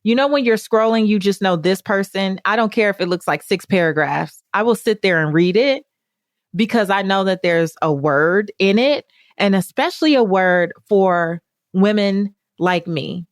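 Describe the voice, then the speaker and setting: A woman's voice: mid-range voice, moderate pace, dry recording, studio quality. Enthusiastic woman hosting a podcast. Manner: effusive, enthusiastic, rambling. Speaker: podcast host. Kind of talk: podcast intro and interview chat.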